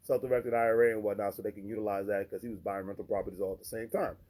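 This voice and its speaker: A man hosts his channel with a casual rant to camera. His voice sits a bit low and sounds mellow and dark. He rambles and circles back, leaning on fillers as he talks. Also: flat delivery, rapid-fire. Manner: rambling, repeats himself, fillers like "and whatnot". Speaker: channel host.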